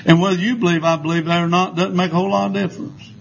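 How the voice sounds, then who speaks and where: A man preaching in a church with a high, ringing voice, rising into fiery shouts. He trades call-and-response with his listeners and laughs at his own jabs. The recording is dull and lo-fi. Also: flat delivery, very fast, gravelly, crowd noise. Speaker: pastor. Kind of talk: sermon. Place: church sanctuary.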